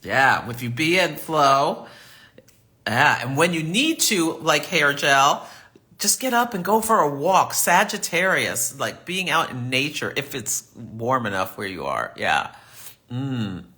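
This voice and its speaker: A man's voice: medium pitch, sing-song, slow pace, bright, forceful tone. A man hosting a live astrology reading, chatty and affirming as he answers viewer comments. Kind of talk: live-stream reading and chat.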